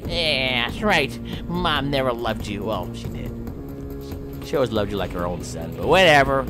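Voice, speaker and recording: A man's voice: medium pitch, animated, normal speed, music in the background. A man playing a video game and commenting playfully, taunting his opponent in a theatrical mock-villain manner with old-fashioned phrasing and sound effects. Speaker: gameplay commentator.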